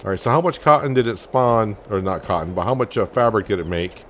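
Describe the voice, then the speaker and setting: Male gaming host, lowish voice, easygoing let's-play commentary, faint game noise behind. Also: fairly quick. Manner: relaxed, thinking aloud with many fillers.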